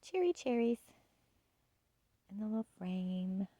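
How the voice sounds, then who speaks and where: A woman chatting casually through a home decor haul, gushing and soft-spoken, often dropping to a hush. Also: medium pitch, very animated, slow, no room sound, rough recording. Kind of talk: casual shopping haul chat.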